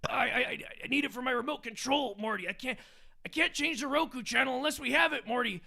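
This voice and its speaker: A man's voice: very high voice, fast, vocal fry, sharp tone, pitched above the performer's own voice, heavily acted. A man voicing a selfish old mad scientist who stutters and drawls dismissively.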